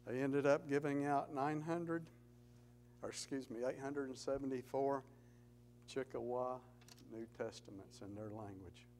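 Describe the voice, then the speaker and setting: A man's voice: medium pitch, steady tone, unhurried, a little mellow, low-quality recording. Man, church testimony speaker, earnest storyteller who builds emphasis; mid voice, light hum on the recording.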